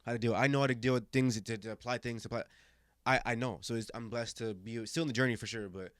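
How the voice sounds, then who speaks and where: A man's voice: mid-range voice, fast, smooth, no echo, studio quality. Young man telling an emphatic story. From Germany. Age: 20s. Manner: animated, emphatic, acts out quoted voices, frequent restarts. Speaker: podcast guest. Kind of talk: casual storytelling conversation.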